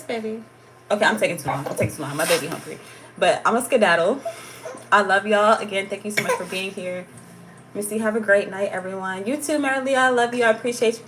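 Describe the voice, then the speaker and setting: A woman's voice: mid-range voice, a bit bright, a little hiss or hum. An American woman hosting a livestream in a playful, slangy way, laughing often between remarks. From United States. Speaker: tarot channel host. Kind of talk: casual livestream chat.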